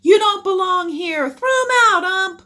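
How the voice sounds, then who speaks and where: A woman voicing angry adult hecklers who yell harsh, mean jeers from the stands. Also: extremely high pitch, expressive, unhurried, voice pushed up, heavily acted. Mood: jeering. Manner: harsh, jeering shouts.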